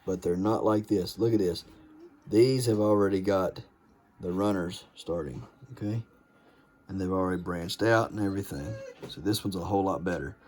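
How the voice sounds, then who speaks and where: A man's voice: sits low, normal speed, a little mellow. A man, casually showing viewers around his homestead in a folksy vlog. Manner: folksy, addresses viewers as "guys" and "y'all". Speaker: homesteading vlogger. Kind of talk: casual walk-through vlog. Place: indoor grow room and outdoor homestead.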